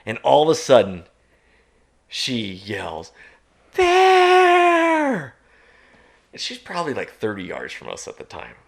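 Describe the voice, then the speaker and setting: A man guest on a podcast, telling a story in a casual, animated way and chuckling at himself. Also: lowish voice, normal speed, gravelly. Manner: animated, self-mocking, chuckles at his own story.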